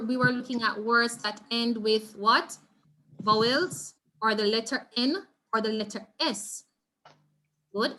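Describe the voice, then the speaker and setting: A woman with a Jamaican accent leads an online Spanish revision lesson over a video call, encouraging her students and repeating words for them to drill. Her voice is on the high side, with a sharp tone.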